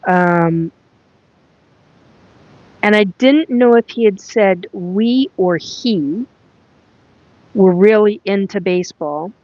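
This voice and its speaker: A woman hosting a live solo chat, recounting a spirit reading in a halting way as she reads from her notes. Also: mid-range voice, a little mellow, no room sound, muffled recording. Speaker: psychic medium host.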